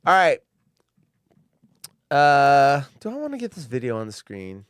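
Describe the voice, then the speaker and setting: A man's voice: mid-range voice, huge pitch swings, measured pace, a bit bright, smooth, no room sound, studio quality. Sarcastic man hosting a rambling stream. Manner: sarcastic, rambling, muttering asides. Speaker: show host. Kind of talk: solo live-stream commentary.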